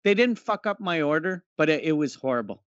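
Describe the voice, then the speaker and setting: A man chatting casually with a friend on a podcast, swearing in a wry, laid-back way. His voice sits slightly high, and the recording is muffled and dry. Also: lively intonation, fairly quick, fairly bright tone, no echo. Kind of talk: casual chat.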